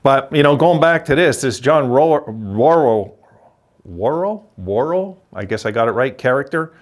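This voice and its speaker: A man's voice: mid-range voice, moderate pace. An older man from Quebec hosting a hockey channel, ranting bluntly with a rambling, opinionated manner. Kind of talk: casual opinion vlog.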